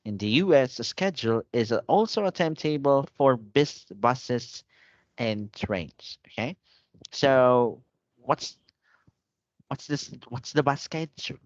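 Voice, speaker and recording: A man teaches an online English lesson, patient and repetitive, often checking in with his student by asking "okay?". His medium-pitched voice has lively intonation and a measured pace, with no room sound, over dull lo-fi call audio.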